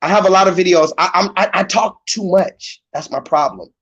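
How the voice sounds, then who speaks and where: A man holds forth on a casual livestream, loud and animated, tripping over his own sentences as he rushes on. The stream audio is a little dull and lo-fi. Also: high-pitched. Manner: loud, animated, talks over himself with restarts. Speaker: livestream host.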